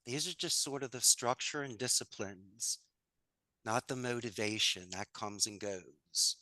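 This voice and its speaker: An upbeat man chatting as a podcast guest, his voice bright and forward. He leans on folksy sayings and easy humor. The sound is dry and close, with no room around it. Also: mid-range voice, unhurried, no room sound. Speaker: podcast guest, call center owner. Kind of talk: conversational interview.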